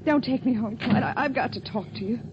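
A woman's voice: fairly quick, natural voice. An actress playing a desperate, lovesick young woman in a 1940s radio drama, pleading and bitter. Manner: pleading, turning to shrill fury. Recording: muffled old radio recording with loud hiss.

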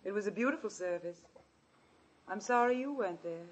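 A woman's voice: medium pitch, expressive, brisk, soft background music, lightly acted. An actress playing a cold, scheming woman who hides a man and talks to him in a sweetly mocking tone, in 1940s radio drama style.

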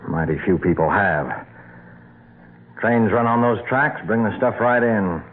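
An actor playing a brooding, impatient husband in an old-time radio drama, gruff and menacing. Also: male voice, lowish voice, unhurried, lightly acted. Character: brooding husband luring his wife underground. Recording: tinny lo-fi old radio broadcast with hiss.

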